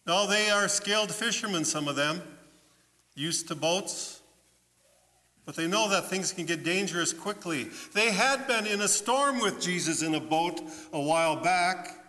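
A man preaching as a pastor in a church, telling a story in an animated way and putting questions to his listeners. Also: high voice, measured pace. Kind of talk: children's sermon storytelling. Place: church sanctuary. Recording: long church reverb.

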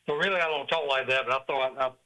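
A man's voice: mid-range voice, steady tone, quick pace, sharp tone, poor audio. A man with a thick South Carolina accent calling in to a radio show, joking and drawling. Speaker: caller. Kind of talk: phone call to radio show.

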